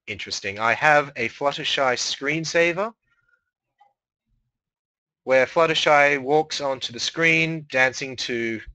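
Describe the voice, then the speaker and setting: Man, radio host, playful, rambling, bright, dry close sound. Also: a little high, slow, pauses often, no room sound. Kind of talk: comedy radio show sign-off.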